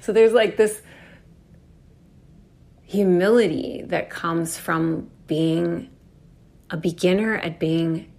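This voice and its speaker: Slow, gravelly woman musing on astrology. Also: lowish voice, steady tone, a little mellow. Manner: unhurried, earnest, swears casually, acts out inner voices. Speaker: astrology speaker. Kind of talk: reflective spiritual monologue.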